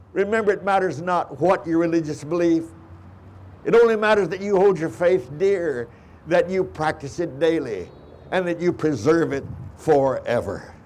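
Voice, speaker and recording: An older man leading a memorial ceremony, reciting a patriotic tribute in a solemn, measured way. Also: on the high side, darkish tone. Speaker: ceremony emcee.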